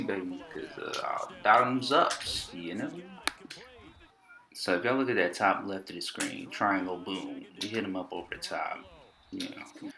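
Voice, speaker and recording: A Texan man with a very low voice talks over his football video game, relaxed and full of slang and trash talk. The sound is roomy, with a loud stadium crowd from the game running behind him. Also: measured pace, gravelly. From Texas. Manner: laid-back, slangy, trash-talking. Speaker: gaming YouTuber. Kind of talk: casual game commentary.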